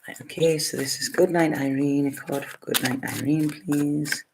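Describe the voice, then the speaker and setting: A woman's voice: low voice, fairly even intonation, moderate pace, background noise. A woman giving a casual live-stream tarot reading, chatty and rambling, laughing often between thoughts. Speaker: tarot reader.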